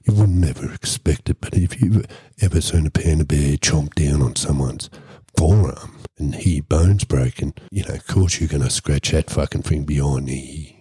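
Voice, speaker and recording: A man with an Australian accent telling a crude, deadpan comic tall tale on a podcast, swearing constantly. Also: very deep voice, normal speed, slightly rough, dry recording, studio quality. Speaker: podcast host.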